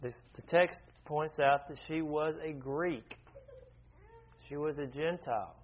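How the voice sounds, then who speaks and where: A man's voice: on the high side, takes it slowly, slight background noise. A man leading an informal Bible study, talking conversationally, often restarting his sentences and asking the group questions. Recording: dull lo-fi recording.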